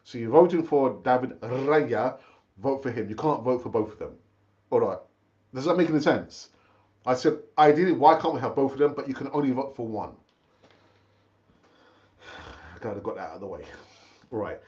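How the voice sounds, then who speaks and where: A middle-aged man with a medium-pitched, mellow voice hosts a casual live football fan stream, speaking animatedly at a normal speed with long pauses. He's chatty, repeats himself and calls viewers brother. The audio is dull.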